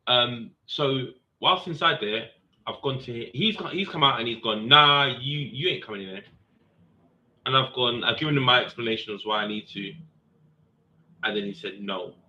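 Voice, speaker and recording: Cop, casual anecdote, bright edgy voice, slightly muffled recording. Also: male voice, normal speed, slight background noise. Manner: animated, acts out quotes with raised pitch. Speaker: serving police officer telling a story. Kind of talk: casual storytelling monologue. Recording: dull lo-fi sound.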